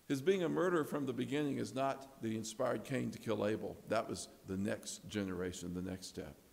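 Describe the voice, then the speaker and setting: A male preacher with a gravelly edge to his voice, delivering a sermon. He shifts earnestly between hushed tones and emphatic ones. His words ring out with the long reverb of a large hall. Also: fairly low pitch, fairly quick. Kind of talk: expository sermon.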